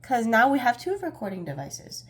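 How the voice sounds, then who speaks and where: A woman's voice: on the high side, wildly swooping pitch, normal speed, fairly bright tone, slightly rough. A young woman giving a casual pick-a-card tarot reading, chatty and a bit scattered, often laughing at herself.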